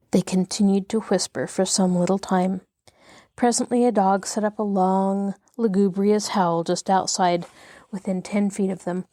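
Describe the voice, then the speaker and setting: A woman, a children's librarian, reading a classic novel aloud in a steady, measured storytelling voice. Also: mid-range voice, no room sound, clean studio sound.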